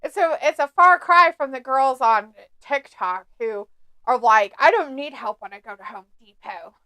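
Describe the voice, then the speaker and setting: A woman's voice: high voice, animated, normal speed, bright, forceful tone, no room sound. A woman co-hosting a live stream, chatting casually, laughing often and reading viewer comments aloud. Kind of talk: casual watch-along chat.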